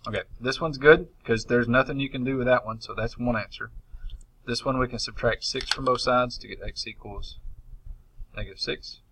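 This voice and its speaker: A man's voice: medium pitch, moderate pace, a bit bright, a little hiss or hum, low-quality recording. A man teaching a math class, explaining in a casual, conversational way and addressing the students directly. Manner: casual and conversational, says "y'all". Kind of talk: classroom lecture.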